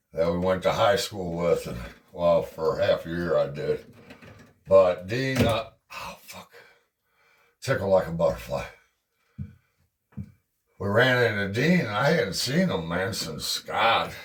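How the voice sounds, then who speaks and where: A man's voice: on the low side, a little hiss or hum. A middle-aged man telling a casual story at home while working on a dryer, profane and rambling, laughing often. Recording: roomy sound from a distance.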